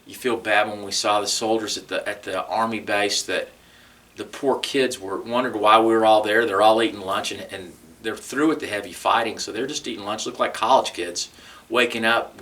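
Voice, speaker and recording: A man's voice: fairly low pitch, fairly bright tone, recorded from a distance. A man with a Texan accent, recounting his experiences in an oral history interview, telling it conversationally and acting out what people said. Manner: conversational storytelling with restarts, acting out quoted dialogue.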